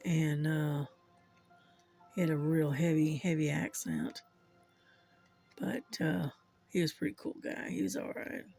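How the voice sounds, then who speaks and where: Soft music plays behind an older Southern US host whose medium-pitched voice is gravelly and darkish, with fairly even intonation. He spins rambling, unhurried stories in casual conversation on his channel, chuckling frequently.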